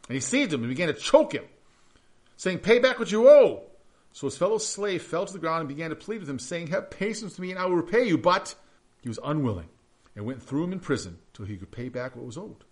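A man preaching a sermon, reading scripture aloud and breaking into hushed, questioning asides. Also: fairly high pitch. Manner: animated, swings between loud reading and hushed asides. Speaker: pastor.

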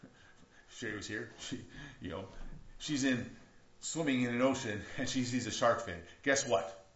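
A pastor with a mid-range voice preaches a sermon conversationally at a measured pace, often restarting and breaking into rising outcries. The church recording is echoey, dull and lo-fi.

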